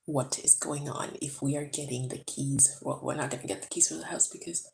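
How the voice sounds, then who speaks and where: Low-voiced woman chatting quietly at home. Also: fairly even intonation, a little fast, gravelly, rough recording. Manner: chatty, talks low so a sleeping baby is not woken. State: tired from being awake too long. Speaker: vlogger. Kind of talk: casual chat to camera. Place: home, indoors. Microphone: camera close up.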